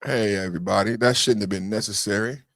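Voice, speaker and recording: A man hosting a political podcast, excitable and shouty, repeating hype phrases over and over. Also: lowish voice, quick pace, no room sound. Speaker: podcast host. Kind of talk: hyped political commentary.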